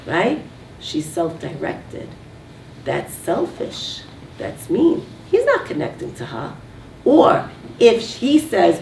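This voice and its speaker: A woman's voice: fairly high pitch, sing-song, slow pace, vocal fry, a little mellow. A woman running a communication workshop, coaching a live audience and asking them to call out answers. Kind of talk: teaching to a group. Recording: echoey room from far off, faint background noise.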